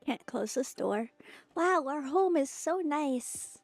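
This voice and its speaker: Woman streamer, playful and teasing, unhurried delivery, dry sound, faint music behind. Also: high voice, animated, gravelly, dry recording. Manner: playful, flirty, talks to chat. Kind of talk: casual game streaming.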